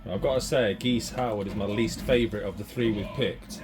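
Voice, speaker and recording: A man giving excitable running commentary while playing a retro fighting game, swinging between mutters and shouts. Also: lowish voice, fairly quick, over music. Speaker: retro gaming channel host.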